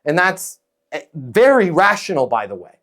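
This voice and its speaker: A man's voice: fairly high pitch, moderate pace. Emphatic sales coach, a man. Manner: emphatic, animated, acts out dialogue.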